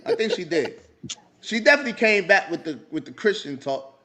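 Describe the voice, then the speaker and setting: High-voiced man telling a story, laughing. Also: fairly quick, slight background noise. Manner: animated, laughing often, acts out other people's lines. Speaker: podcast co-host telling a story. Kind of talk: casual storytelling chat.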